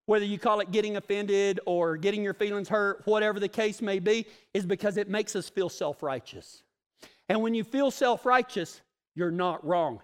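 A middle-aged man with a fairly high voice preaches a plainspoken, folksy sermon. He is emphatic and drives his points home by repeating them. His voice rings out with a long reverb tail. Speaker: cowboy ministry leader.

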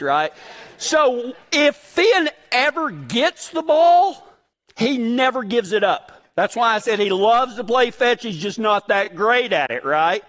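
A man delivering a sermon in a very high voice that swings widely in pitch. He talks in a folksy, animated way and drops in joking asides as he leads into his message. His delivery stays lively throughout. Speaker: pastor. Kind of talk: sermon with humorous storytelling.

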